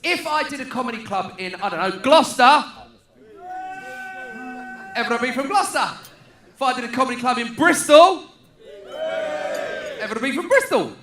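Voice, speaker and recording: A man's voice: very high-pitched, lively intonation, moderate pace, pauses often, roomy sound, background noise. A man from Luton with a southeast English accent doing a cheeky, playful stand-up set and calling out to the crowd. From Luton, England. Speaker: stand-up comedian. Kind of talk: stand-up routine. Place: large stadium conference venue.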